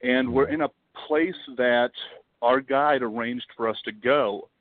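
A man guesting on a podcast, telling a travel story in a lively, dramatic way and swearing freely. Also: mid-range voice, unhurried, no room sound. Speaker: podcast guest, wildlife video producer. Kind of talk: casual storytelling. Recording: dry, tinny phone-like line.

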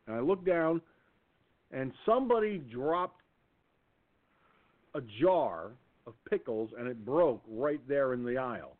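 Lively man telling a story over a phone line. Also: medium pitch, slow pace, pauses often. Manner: animated, rambling anecdote with repeated restarts. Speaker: radio show host. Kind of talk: casual storytelling on a call-in radio show.

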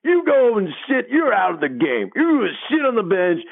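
A man putting on the voice of a stern, furious older male college basketball coach who shouts at a player, heard over a dry, tinny phone line. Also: sits high, huge pitch swings, moderate pace, vocal fry, no room sound, voice pushed up, heavily acted. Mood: angry scolding. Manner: shouting, scolding.

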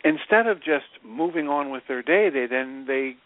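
A man's voice: mid-range voice, animated, moderate pace, no echo. A man co-hosting a radio show, explaining his ideas in a reflective, casual way. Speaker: radio co-host. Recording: tinny phone-line radio audio.

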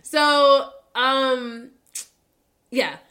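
Young woman doing her own podcast, bright forward voice, real candid, cusses a lot, laughs easy. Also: high voice, fairly even intonation, drawn-out words, smooth. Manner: candid, swearing, laughs between serious bits. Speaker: podcast host. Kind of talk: casual solo podcast talk.

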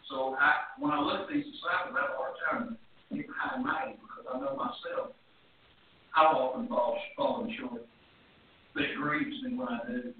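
A man preaches with fervor, rising to shouts and then dropping to soft, almost whispered words. His voice sits very high and sounds far from the mic. The sound is thin and phone-like, with a heavy echo from the room. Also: big pitch swings, normal speed, gravelly, a little hiss or hum. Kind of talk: sermon. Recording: echoey distant room, tinny phone-like sound.

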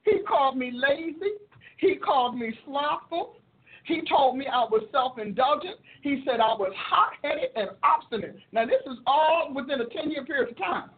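A woman preacher and show host teaching in a sermon style, expressive and quick to laugh, acting out her prayers. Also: high voice. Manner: expressive, acts out prayers and quotes, laughs often. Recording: tinny phone-like audio.

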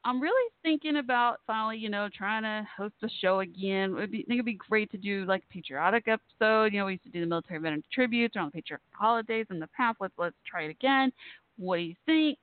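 A woman's voice: mid-range voice, fast, no echo. Laughing woman on a tinny line. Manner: teasing, laughing storyteller. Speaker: radio show host. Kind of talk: casual chat. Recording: tinny phone-like sound, dry.

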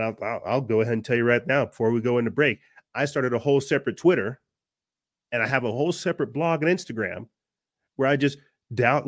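A man of average pitch, hosting his own podcast and ranting in an earnest, preachy way as he builds to fiery peaks. His voice sounds dry and close, with no room sound. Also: dry recording. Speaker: podcast host. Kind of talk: impassioned monologue.

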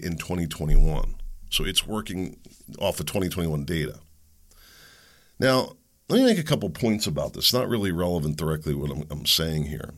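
Deep-voiced middle-aged male podcast host. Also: pushed and bright. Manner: conversational, chuckling asides, rising emphatic bursts. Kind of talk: casual opinion monologue.

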